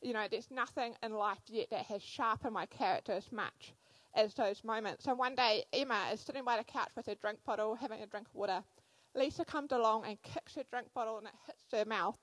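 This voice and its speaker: A woman in her thirties, a church speaker giving a sermon, telling animated personal stories with frequent fillers. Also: a little high, fairly quick, hardly any pauses, no echo, poor audio.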